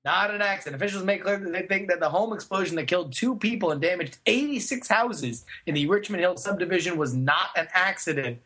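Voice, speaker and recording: A man co-hosting a podcast, reading news out loud with wry asides in a casual chat. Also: sits high, fairly quick, hardly any pauses. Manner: wry, reads out news quotes with running asides. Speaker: podcast co-host.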